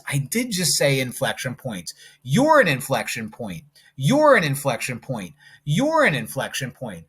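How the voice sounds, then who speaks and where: A male math teacher with a slightly husky voice works through problems in an unhurried way. He talks through each step as he draws graphs and drops in little jokes along the way. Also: medium pitch, a bit bright. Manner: jokey, talks to himself while working problems. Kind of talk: video lesson while drawing graphs.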